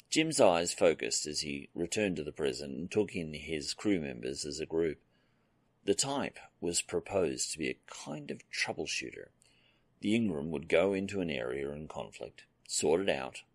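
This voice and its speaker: Deep, gravelly male narrator. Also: no room sound. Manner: steady storytelling read. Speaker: audiobook narrator. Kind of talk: scripted narration.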